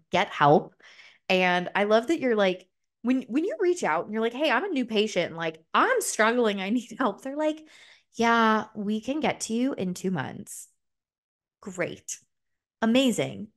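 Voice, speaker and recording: A young woman talks on her podcast in a loose, candid way, with plenty of "like" fillers and a swear word here and there. Her voice sits a little low for a woman. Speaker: podcast host. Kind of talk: casual solo podcast chat.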